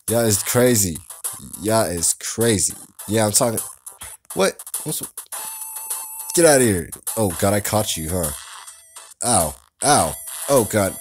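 A man playing a wrestling video game, cursing and shouting at the characters on screen in excitable commentary. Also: lowish voice. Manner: loud and excitable, trash-talking the screen. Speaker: let's play gamer. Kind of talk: profane gameplay commentary.

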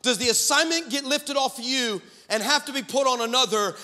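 A man pastor delivering a sermon in a high, sharply bright voice. He tells stories and builds to emphatic, shouted peaks, while a long reverb of a large sanctuary trails every phrase. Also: a little fast, few pauses. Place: church sanctuary.

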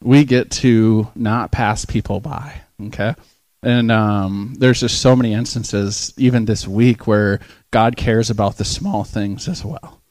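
Young man, low voice, dry close sound, storytelling sermon, acts out voices, laughs often. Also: fairly even intonation, unhurried, darkish tone, no room sound. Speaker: preacher. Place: church.

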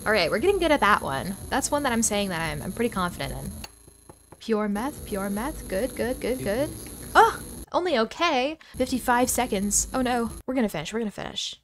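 A gaming channel host gives chatty, excitable let's-play commentary full of dramatic exclamations. She speaks at medium pitch and a little fast, with a faint hiss or hum in the recording.

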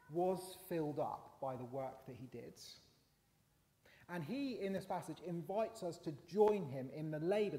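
A mellow, higher-pitched male voice carries a chatty sermon in church, punctuated by fillers and emphasis that climbs. The sound has the lingering reverb of a large church hall.

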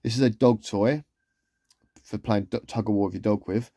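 Male vlogger, easygoing and rambling, mellow voice, dry close sound. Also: on the low side, steady tone, normal speed, dry recording. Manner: chatty, rambling, with trailing asides. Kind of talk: casual shopping haul commentary.

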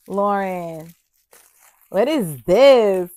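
Chatty young woman, slow and dry. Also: medium pitch, no echo. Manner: chatty and excitable, addresses viewers directly. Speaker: vlogger unboxing gifts. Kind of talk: casual unboxing chat. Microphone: external mic on camera.

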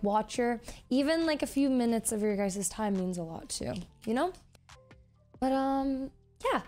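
A young woman streamer thanking her viewers in casual chat, emotional and teary, full of fillers. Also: on the high side. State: teary, crying.

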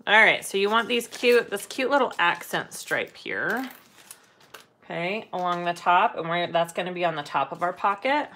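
Running a live sewing lesson, this middle-aged instructor and shop owner talks through steps as she sews, chats in a casual way and fills gaps with humming. She speaks at a moderate pace in a fairly low, animated voice with a sharp edge.

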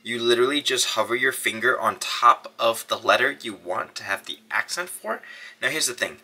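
A man hosting a casual phone tutorial, upbeat and energetic, talking while he demonstrates on a phone. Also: medium pitch, normal speed, breathy edge. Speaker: tech vlogger.

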